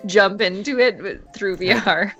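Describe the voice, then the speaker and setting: A woman's voice: medium pitch, a little slow, fairly bright tone, muffled recording, faint music behind. A woman narrating a tabletop game as game master, chatty with frequent fillers and laughter.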